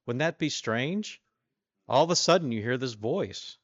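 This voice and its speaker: A man's voice: animated, measured pace, dry recording, highs cut off. Man preaching a conversational Bible talk. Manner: conversational, asks the listeners questions; voices the king boastfully, louder and higher. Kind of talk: informal sermon with scripture reading.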